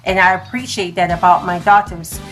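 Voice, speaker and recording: Woman host, casual phone livestream, halting delivery with restarts, soft music underneath. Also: lowish voice, steady tone. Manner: halting, restarts and stumbles over words. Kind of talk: casual live talk.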